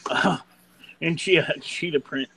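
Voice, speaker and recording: A man's voice: on the high side, takes it slowly, gravelly, pushed and bright, a little hiss or hum, rough recording. A man on a casual comic book podcast panel, talking jokily and tripping over repeated words. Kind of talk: casual chat reviewing comics.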